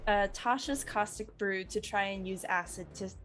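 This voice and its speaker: A woman playing a tabletop role-playing game, describing her character's actions in an unhurried, chatty way. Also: medium pitch, fairly bright tone, soft background music. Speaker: player.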